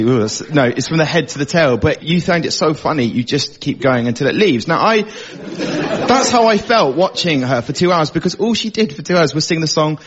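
A man's voice: fairly high pitch, fairly bright tone. A man doing a one-minute stand-up routine on a comedy panel show, chatty and playful. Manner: conversational storytelling, playful asides. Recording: dull lo-fi with audience.

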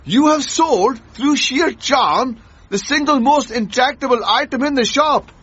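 An actor playing an excitable, blustering middle-aged male shopkeeper and father in a radio sitcom. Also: very high voice, a little slow, husky, exaggerated voice. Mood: delighted. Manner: excitable and theatrical. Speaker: shop owner and father. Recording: dull lo-fi radio recording.

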